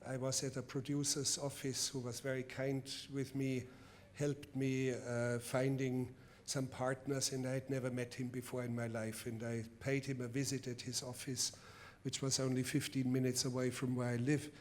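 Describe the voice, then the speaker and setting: A man with a German accent, a film director at a public masterclass, answering a question with a deliberate, emphatic anecdote. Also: medium pitch, flat delivery, slight background noise. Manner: deliberate, emphatic storytelling with restarts. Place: festival event before a live audience.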